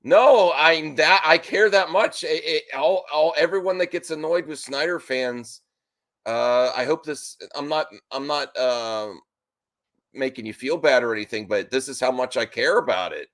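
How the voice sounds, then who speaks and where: A man hosting a live stream reaction, excited and worked up, often stopping himself mid-sentence. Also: mid-range voice, normal speed. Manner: excited, restless, keeps interrupting himself. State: nervous and worked up.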